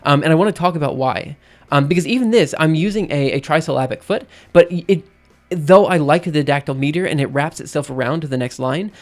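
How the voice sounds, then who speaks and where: A man explaining things casually on a livestream, thinking aloud with frequent pauses and restarts. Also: on the high side. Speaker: streamer.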